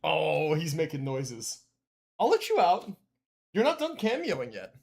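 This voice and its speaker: A man's voice: fairly high pitch, wildly swooping pitch, measured pace, creaky, slightly rough. A man streaming a game live, chatting casually and animatedly and laughing often.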